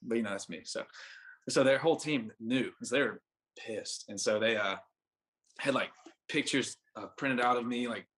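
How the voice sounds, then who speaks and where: With a mid-range, fairly bright voice at normal speed, this twenty-something pitcher tells a casual story as a podcast guest. His anecdote wanders, thick with filler words and dialogue he performs himself.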